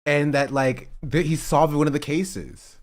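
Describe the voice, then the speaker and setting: Brief: male streamer, slightly high voice, incredulous, laughing reaction commentary. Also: fairly even intonation, unhurried. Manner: laughing, incredulous, talks to chat.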